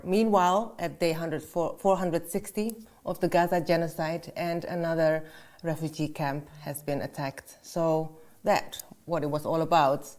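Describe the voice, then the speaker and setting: A woman's voice: low voice, darkish tone. A woman co-hosting a political talk show, chatting and reading out viewer comments. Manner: conversational, reads out comments. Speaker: co-host.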